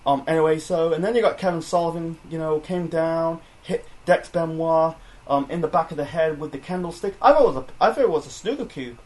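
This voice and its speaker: A man's voice: on the high side, fairly quick, a little mellow. A young man reviewing wrestling in a rambling, casual chat full of fillers and self-corrections.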